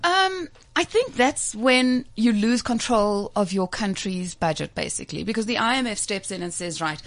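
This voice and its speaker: A woman's voice: mid-range voice, lively intonation, moderate pace. Chatty woman explaining markets. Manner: chatty, laughs often, explains patiently. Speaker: market commentator co-host. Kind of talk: casual radio chat about markets.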